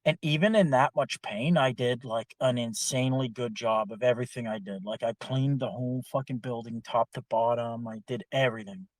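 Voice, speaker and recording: A young man telling a long story in a casual podcast chat, animated and heavy on swearing. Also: medium pitch, a little fast, hardly any pauses, no room sound. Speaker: podcast co-host.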